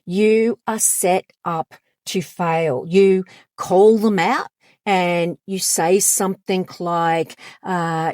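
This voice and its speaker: Brief: woman counsellor host, lowish voice, unhurried emphatic delivery, dry close sound. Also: fairly even intonation, a little mellow, no echo. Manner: direct, emphatic, acts out quoted lines. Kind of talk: advice monologue to camera.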